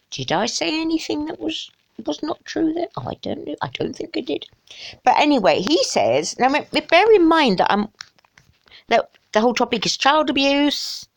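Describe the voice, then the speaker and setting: A woman's voice: high voice, sing-song, normal speed, creaky. A woman giving an emotional rant commentary in a sarcastic, exasperated way, with muttered asides. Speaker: video blogger.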